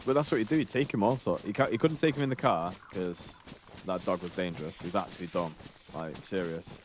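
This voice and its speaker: A man's voice: sits low, fairly quick, a little hiss or hum. A man in his thirties chatting casually while streaming a game, rambling and swearing as he tells stories. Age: 30s. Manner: rambling, sweary, laid-back storytelling. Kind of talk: casual chat while gaming.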